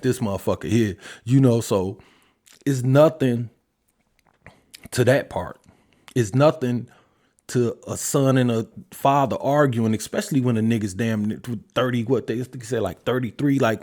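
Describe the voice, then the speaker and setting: An older man riffing on a podcast mic, blunt and profane, his pitch jumping high and dropping low as he makes his points. He sits at a middling pitch for a man, talking in loose, unscripted commentary. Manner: blunt, heavy cursing, animated swings in pitch. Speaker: podcast host. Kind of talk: casual commentary.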